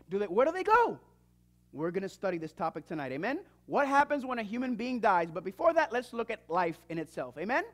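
A man preaching a sermon, reading scripture aloud and often asking his listeners questions and calling for amens. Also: very high-pitched. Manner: emphatic, asks the crowd questions and calls for amens. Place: church or seminar hall.

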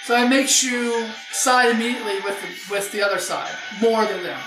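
Chatty woman riffing on a movie, voice a bit high, loud bursts, echoey room, some music low behind her. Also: normal speed. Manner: animated, loud outbursts while reading credits. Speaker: movie riff host. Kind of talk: casual movie commentary.

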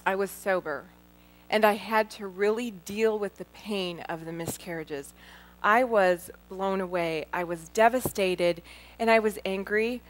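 A middle-aged woman speaking before a live audience, sharing her testimony in an earnest, heartfelt way. She turns often to address her listeners directly. Her voice sits in an ordinary middle pitch for a woman. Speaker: Christian women's speaker. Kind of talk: personal testimony talk.

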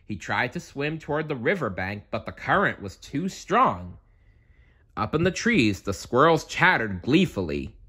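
A man reading a children's bedtime story aloud in a calm, measured way. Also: medium pitch, slightly rough. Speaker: storybook reader.

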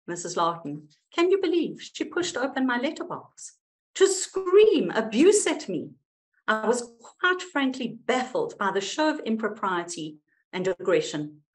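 A woman's voice: a little high, big pitch swings, a little slow. A woman voicing a prim, snobbish older village woman who speaks with indignant haughtiness.

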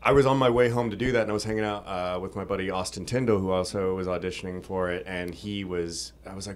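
Excitable man with a lowish voice. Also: fast, hardly any pauses. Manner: excitable, laughs often, acts out quotes. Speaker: voice actor guest. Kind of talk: casual interview chat. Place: convention room.

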